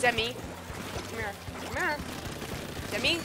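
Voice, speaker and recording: A woman giving gameplay commentary, excitable and playful, bursting into mock-angry outbursts. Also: high-pitched, unhurried, pauses often, slight background noise. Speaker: gamer. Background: game music.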